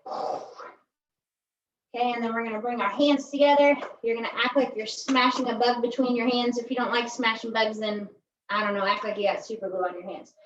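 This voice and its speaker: A woman's voice: a little high, a little hiss or hum. A woman instructing a pilates workout in a chatty, joking way, often tagging her cues with "right?". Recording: echoey room, distant mic, dull sound.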